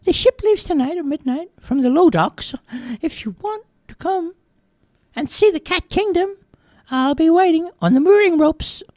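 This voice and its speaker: Sly little girl kitten for a storybook, very high and mewing, dry close sound. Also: expressive, moderate pace, darkish tone, no echo. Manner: very high squeaky voice with meows.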